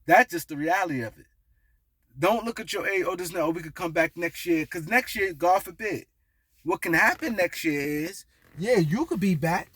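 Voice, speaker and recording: A man with a high, light voice delivers a loose basketball opinion monologue, circling back on points and repeating himself as he builds an argument. The sound is dry and close, with no room around it. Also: normal speed, slightly rough, no echo. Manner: animated, repetitive, conversational with slang and restarts. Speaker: sports commentary host.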